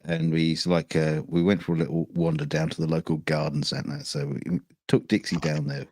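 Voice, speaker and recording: A man's voice: extremely low pitch, monotone, moderate pace, a little mellow, no echo, clean studio sound. A man in casual chat, telling a rambling story and laughing his way through it. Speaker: show regular.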